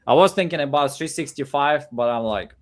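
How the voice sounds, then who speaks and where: A man's voice: on the high side, brisk, a little hiss or hum. A man co-hosting a live stream in casual chat, thinking aloud in a loose, rambling way. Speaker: co-host of a live real estate stream.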